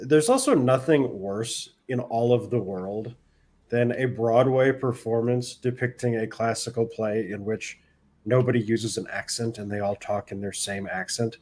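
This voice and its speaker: A man co-hosting a casual reaction video, giving wry, opinionated remarks at a drawn-out pace. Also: mid-range voice, a little mellow.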